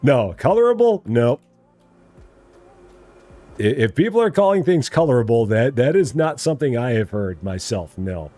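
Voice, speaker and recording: Male streamer, casual and playful, animated pitch, mid-range voice. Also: normal speed, pauses often, faint music behind. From Illinois. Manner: playful, chatty, answers chat. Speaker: live-stream gamer host. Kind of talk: casual live-stream chat.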